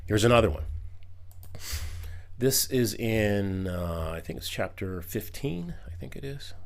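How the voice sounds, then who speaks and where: A man's voice: lowish voice, lively intonation, measured pace, vocal fry. A man reading Bible verses aloud and commenting on them in a video critique, emphatic, with casual asides.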